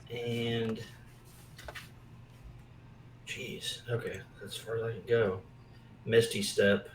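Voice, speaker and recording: A man with a low voice talks slowly, unhurried and self-deprecating, as he works out his turn in a tabletop game. He sits away from the mic in an echoey room. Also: flat delivery, far from the mic, background noise. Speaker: player.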